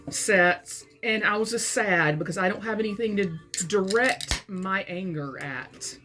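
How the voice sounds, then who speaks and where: A woman's voice: lowish voice, a bit bright. Angry Southern woman ranting with heavy profanity. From Alabama, US. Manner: furious, profane, emphatic. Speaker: vlogger and author. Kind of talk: angry personal rant.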